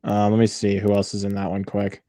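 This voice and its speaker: A man's voice: fairly low pitch, completely flat delivery, fairly quick, mellow, no echo. A man hosting a movie watch-along, chatting casually with many fillers and restarts.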